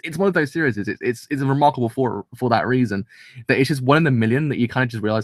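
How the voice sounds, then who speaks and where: Young male reviewer, rapid excitable rambler, dry close-mic sound. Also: medium pitch, dry recording. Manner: rambling, excitable, full of restarts and "kind of". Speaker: anime reviewer. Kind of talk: casual episode review.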